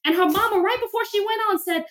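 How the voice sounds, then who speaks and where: Therapist lady on a podcast, high voice, preachy repeating, really emphatic. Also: quick pace, fairly bright tone. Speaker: therapist and minister, podcast guest. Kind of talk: conversational interview.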